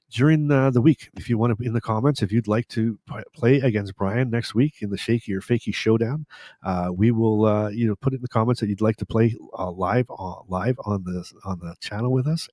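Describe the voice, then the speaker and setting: A man's voice: on the low side, mellow, dry recording, studio quality. A man co-hosting a casual podcast, chatty and rambling, often restarting his sentences. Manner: rambling, with frequent restarts and fillers. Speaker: podcast co-host.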